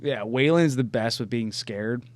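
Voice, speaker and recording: A young man co-hosting a podcast, casually chatting, laughing often and swearing as he tells animated stories. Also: mid-range voice, measured pace, a little hiss or hum. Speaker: podcast co-host. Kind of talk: casual chat.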